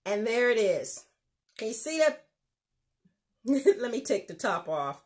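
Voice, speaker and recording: A woman's voice: a little high, sing-song, slow pace, a little mellow. A woman hosting a casual home cooking demonstration, chatty and exuberant, laughing often as she talks through each step. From United States. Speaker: cooking show host.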